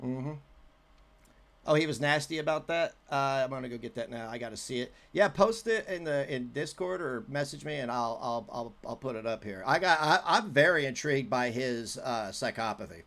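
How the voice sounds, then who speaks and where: A man's voice: medium pitch, lively intonation, normal speed, fairly bright tone. A man streaming commentary on a clip, mocking and sarcastic, with frequent swearing.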